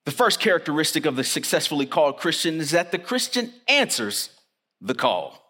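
A man delivers a sermon in an earnest, emphatic way, slowing down on the lines he wants to stress. His voice sits a little high for a man. The sound rings with the long reverb of a chapel hall. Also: very animated, pushed and bright. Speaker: chapel preacher.

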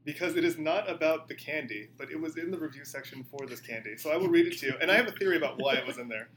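A man's voice: fairly high pitch, rapid-fire, crowd noise. A man hosting a casual podcast guessing game, reading reviews aloud in a playful way. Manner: playful, laughs while reading.

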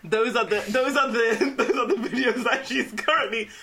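A woman co-hosting a podcast, chatting casually and telling animated stories with bursts of laughter. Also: on the high side, moderate pace. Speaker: podcast co-host. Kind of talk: casual chat.

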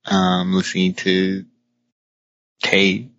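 A man co-hosting a podcast, chatting casually in a relaxed way. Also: sits low, very slow, slight background noise. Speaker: podcast co-host. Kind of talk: casual chat. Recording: dull lo-fi recording.

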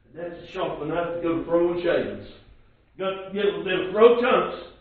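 Male preacher, high-pitched chanted sermon delivery, distant mic in a very echoey church. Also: lively intonation, normal speed, phone-quality sound. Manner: shouts and sings out lines in a preaching cadence. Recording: roomy distant church recording.

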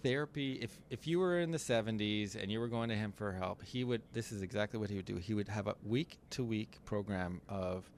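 A man co-hosting a casual podcast, thoughtfully explaining ideas step by step with small pauses and fillers. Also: on the low side, a little hiss or hum. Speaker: podcast co-host.

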